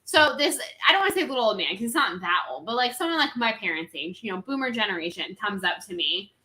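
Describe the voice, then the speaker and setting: Bright, animated woman telling a story. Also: mid-range voice. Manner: animated, quick anecdote with quoted voices. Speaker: podcast co-host. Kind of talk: casual chat and storytelling.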